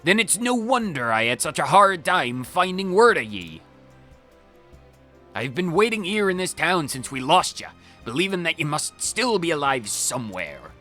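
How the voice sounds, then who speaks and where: A man voicing an excitable, loyal young male pirate sailor in a video game playthrough, with a put-on pirate accent. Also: high voice, moderate pace, soft background music, voice pushed up. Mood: eager.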